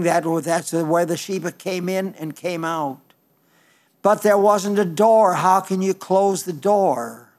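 An older man delivers a sermon in a high-pitched voice. He halts and restarts often, leaning on fillers, then slows and rises for quoted scripture. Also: a little mellow. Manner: halting, with frequent restarts and fillers. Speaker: preacher.

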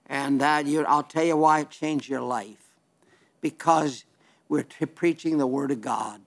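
A man's voice: fairly high pitch, a little slow, gravelly. A man preaching on television in a folksy, earnest, plainspoken way, reading viewer letters and asking for support.

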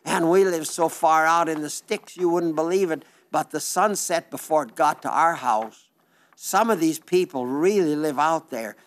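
An older man preaching a sermon in a studio, earnest and folksy, slowing down on emphatic phrases. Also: on the high side. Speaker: radio/TV preacher reading listener letters.

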